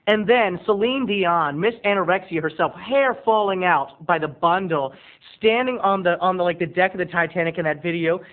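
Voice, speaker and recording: A man's voice: high-pitched, moderate pace, hardly any pauses. A male video blogger doing a campy, sarcastic comic rant to camera, on tinny lo-fi audio. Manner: campy, sarcastic ranting with mock voices.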